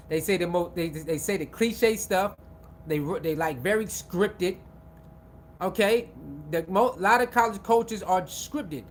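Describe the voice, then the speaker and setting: Male commentator, high voice, loose animated monologue with faint background rumble. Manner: repetitive, animated, acts out quoted voices. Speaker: sports commentator.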